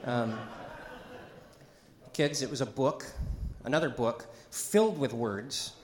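A middle-aged male pastor delivers a loose, conversational sermon in a church sanctuary, joking, wandering into asides and calling out to the congregation for responses. His voice is of ordinary pitch and slow-paced. The sound is reverberant.

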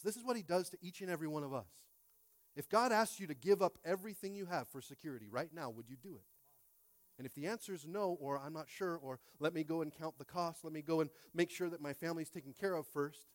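Pastor guy late 30s preaching, kinda high voice, goes quiet then loud, repeats stuff. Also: no room sound. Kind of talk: sermon.

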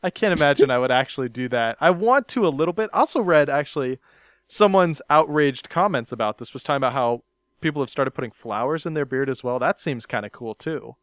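A man's voice: medium pitch, animated, a little fast, no echo, studio quality. A man hosting a casual podcast, teasing his co-host and laughing often.

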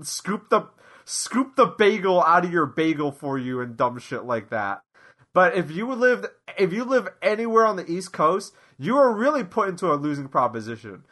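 A man's voice: sits high, sharp tone. A man hosting a casual podcast, ranting and swearing freely as he gives advice. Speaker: podcast host.

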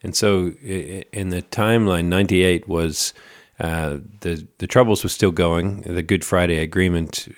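Deep-voiced male interviewer. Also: fairly even intonation, dry recording, clean studio sound. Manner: halting, searching for words with many fillers. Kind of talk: conversational interview.

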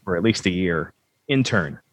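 A man's voice: sits low, lively intonation, moderate pace, dry recording. A man hosting a podcast, chatting casually in a rambling, self-deprecating, joking way. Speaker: podcast host.

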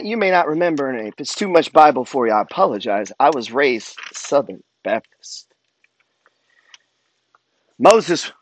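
A man's voice: high-pitched, fairly bright tone, dry recording. A man giving a motivational monologue as a wealth and trading coach, emphatic and preacher-like, swearing freely.

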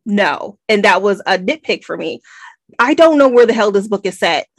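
An American woman co-hosting a casual book-club podcast, animated and nitpicky with lots of rambling asides. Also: mid-range voice, normal speed, no echo. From United States. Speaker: podcast co-host.

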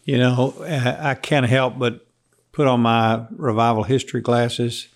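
A man's voice: mid-range voice, flat delivery, measured pace. A man hosting a faith podcast, talking reflectively and telling stories. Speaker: podcast host. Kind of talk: casual interview talk.

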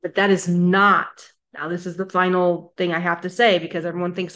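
A woman's voice: fairly low pitch, little pitch movement, brisk, few pauses, bright, forceful tone. A woman giving an earnest, emphatic Bible teaching, acting out quoted voices as she goes. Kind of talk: sermon-style teaching video.

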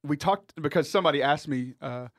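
A man's voice: fairly high pitch, a little fast, no echo, clean studio sound. A man hosting a radio talk show, chatting casually and earnestly with frequent laughs. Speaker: radio host. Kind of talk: casual chat.

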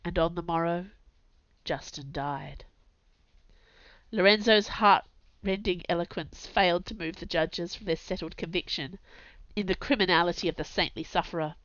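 A woman narrating a dramatic audiobook reading in an anguished, intense, theatrical way, dropping to hushed tones at times. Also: fairly low pitch, moderate pace, dry recording. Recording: slightly dull, dry recording.

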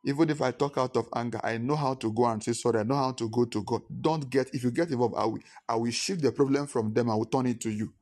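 Male pastor, mid-pitched voice, sermon delivery with repetition and acted-out phone calls. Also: fast, hardly any pauses, darkish tone. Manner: preaching with repetition, acting out phone calls in pidgin.

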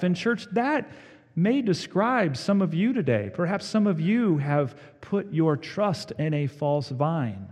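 A man's voice: lively intonation, takes it slowly, darkish tone. Emphatic male pastor in a reverberant hall. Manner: emphatic, swelling on key words then dropping low. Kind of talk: sermon.

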